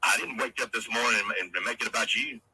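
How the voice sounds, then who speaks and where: A man's voice: fairly low pitch, steady tone, fast talker, over a noisy crowd, low-quality recording. A man hosting a livestream, delivering a profane, confrontational rant and taunting his critics. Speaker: livestream host.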